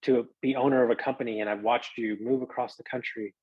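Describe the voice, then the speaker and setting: A man's voice: medium pitch, steady tone, fast talker, husky, no echo, dull audio. A man hosting a podcast, giving an emotional, earnest thank-you to his co-host and listeners, swearing casually. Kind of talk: heartfelt thank-you monologue.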